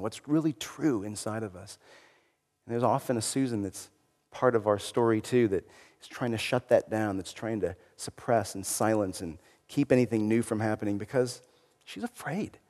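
A man's voice: lowish voice, darkish tone. Reflective man giving a talk in a hall. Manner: reflective, conversational, with fillers. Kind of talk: informal sermon-style talk.

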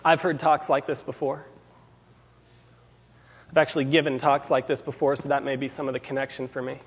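A man's voice: mid-range voice, little pitch movement, a little fast, a little hiss or hum. A man preaching a sermon to a gathered group, earnest, repeating key phrases for emphasis. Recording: long hall reverb.

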